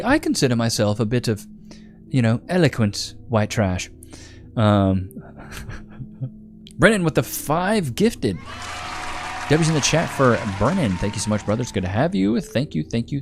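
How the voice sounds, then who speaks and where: A man hosting a livestream, chatting casually and rambling as he thanks viewers and reads their donations, laughing often. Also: medium pitch. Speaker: livestream host.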